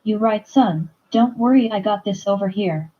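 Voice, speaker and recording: A woman's voice: medium pitch, normal speed, warm tone, dull audio, close to an everyday voice. A woman reading the lines of a stern, protective grandmother who scolds firmly. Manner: firm, scolding.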